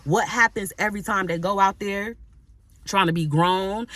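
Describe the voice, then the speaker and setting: A woman's voice: mid-range voice, moderate pace, a bit bright, no echo. Woman, Christian life coach; emphatic, repetitive motivational preaching, talks straight to her audience. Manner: emphatic, repeats phrases, frequent tag "right?"; addresses audience directly and casually.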